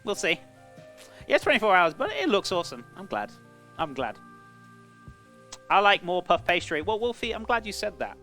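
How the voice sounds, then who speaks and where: Man, British accent, live-stream cooking chat, rambling friendly asides, slightly high pitch, forceful tone. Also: very animated, moderate pace, pauses often, soft background music. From Britain. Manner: chatty, rambling, greets chat as "buddy".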